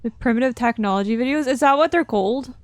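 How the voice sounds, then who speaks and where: A woman's voice: a little high, fast, no room sound, clean studio sound. A young woman live-streaming a game from her desk at home, chatting casually with lots of swearing and laughing asides.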